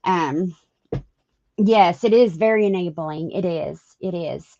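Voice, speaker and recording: A woman hosts a casual live stream in a low, gravelly voice, unhurried and full of ums and restarts as she answers her chat. The audio is dull and lo-fi. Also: dark tone. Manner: hesitant, many ums and restarts, talks to chat. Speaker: livestream host.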